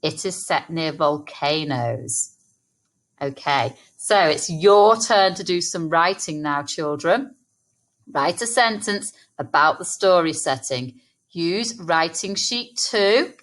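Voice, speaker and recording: Slow, patient English teacher woman. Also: fairly low pitch, animated, a bit bright. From England. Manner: slow, sound-by-sound, encouraging. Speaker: primary school teacher. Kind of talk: recorded phonics lesson for young children.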